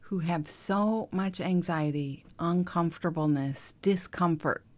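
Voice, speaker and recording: A middle-aged woman hosting a podcast, speaking in a gentle, confiding way that often drops to a soft hush. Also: fairly low pitch, measured pace. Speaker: podcast host. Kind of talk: reflective monologue.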